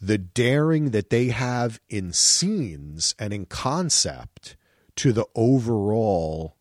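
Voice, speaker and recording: A man co-hosting a podcast in casual chat, animated and profane, with frequent restarts. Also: on the low side, slow, dry recording, studio quality. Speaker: podcast co-host.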